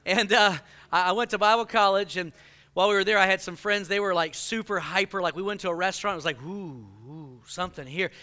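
Animated, bright-voiced male pastor preaching. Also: high-pitched, fast, clean tone. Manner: animated, joking, acts out quoted people. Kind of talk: sermon.

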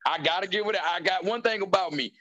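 A man in casual chat, telling stories loudly with lots of profanity and acted-out quotes. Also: high-pitched, fast talker, dull audio. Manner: loud, animated storytelling with profanity and quoted lines.

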